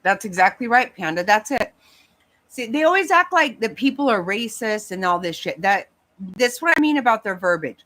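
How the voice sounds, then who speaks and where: A woman's voice: a little high, sing-song, normal speed, sharp tone. A woman hosting a livestream, ranting bluntly and heatedly with lots of swearing. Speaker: livestream host. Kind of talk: angry casual rant to chat.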